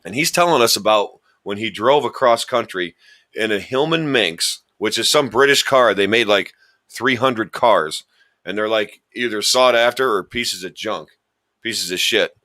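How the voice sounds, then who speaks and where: Telling stories in an easygoing podcast chat, a man pokes fun at himself and wanders from point to point; he's also a quiz contestant. His voice is lowish, pushed and bright, and his pace is unhurried.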